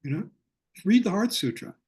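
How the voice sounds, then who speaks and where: An older man with a husky, slightly breathy voice that sits a little high for a man. He teaches a Buddhist class over a video call in a reflective, unhurried way and slows down to stress his points. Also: lively intonation, a little mellow. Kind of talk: online lecture with storytelling.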